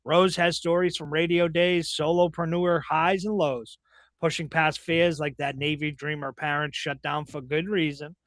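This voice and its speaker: A man's voice: on the high side, a bit bright, dry recording. A man with a Boston accent hosting a podcast interview, talking in an upbeat, emphatic, punchy way. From Dorchester, Massachusetts. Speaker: podcast host.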